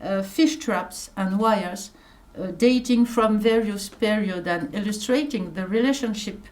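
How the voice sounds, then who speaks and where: A middle-aged woman with a French accent, speaking English as a second language while giving a conference lecture, careful and hesitant with many pauses. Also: mid-range voice, darkish tone. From France. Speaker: archaeologist giving a conference talk.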